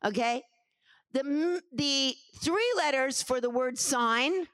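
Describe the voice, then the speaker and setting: High-voiced woman preaching slowly. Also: sing-song, dry recording. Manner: calls for congregation responses, emphatic repetitions; rises to shouted preaching at climaxes. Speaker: pastor teaching scripture. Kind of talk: sermon.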